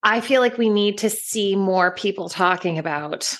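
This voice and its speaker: Woman, 30s, easygoing podcast co-host, chatty and quick with asides. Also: medium pitch, a bit bright. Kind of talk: casual chat.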